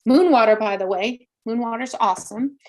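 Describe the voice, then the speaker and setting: High-voiced effusive woman medium. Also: moderate pace, darkish tone. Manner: effusive, exclaiming, speaks directly to viewers. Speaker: psychic medium hosting a live show. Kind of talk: casual live-stream reading.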